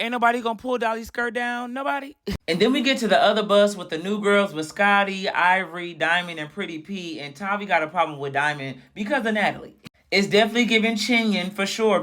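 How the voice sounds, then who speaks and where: A young man with a high-pitched voice recaps a reality show in casual, sassy commentary. His delivery is animated and mocking as he talks straight to his viewers.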